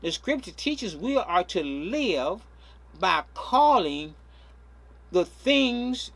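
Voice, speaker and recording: Male pastor delivering a sermon with an animated, husky voice that leans hard on each key phrase. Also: sits high, very slow. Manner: emphatic, stretching key words, frequent repeats.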